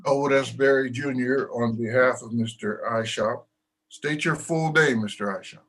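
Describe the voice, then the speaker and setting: A man working as a defense attorney, speaking in brisk, formal, formulaic courtroom phrases. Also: medium pitch, a bit bright, rough recording. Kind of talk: courtroom proceedings.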